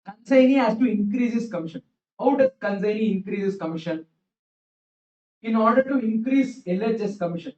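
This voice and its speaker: A man teaching an exam revision class, telling stories in an animated way and repeating his phrases. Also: very high-pitched. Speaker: accounts teacher. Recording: roomy, distant, dull classroom recording.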